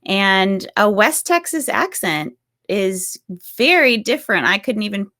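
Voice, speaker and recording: A woman author in casual conversation, curious and quick to laugh as she asks questions. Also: medium pitch, sing-song. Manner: warm, curious, laughing often.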